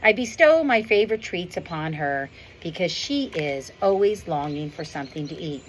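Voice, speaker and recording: Woman reading a proud silverback gorilla with dry wit, low-voiced, storybook tone, faint wind behind. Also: animated, moderate pace, close to an everyday voice. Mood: wry. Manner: wry, understated storybook narration. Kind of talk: reading a novel aloud. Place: outdoors on a windy day.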